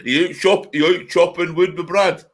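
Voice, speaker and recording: A man's voice: on the high side, steady tone, moderate pace. A man joining a livestream as a guest, teasing the host and laughing easily. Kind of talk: casual livestream chat.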